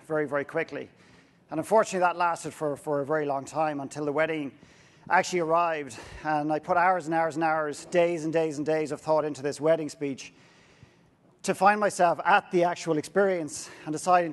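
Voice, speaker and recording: A man's voice: fairly high pitch, fairly even intonation, brisk. An Irish man giving a humorous, story-driven talk from a stage to an audience. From Ireland. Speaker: speaker. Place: stage before a live audience.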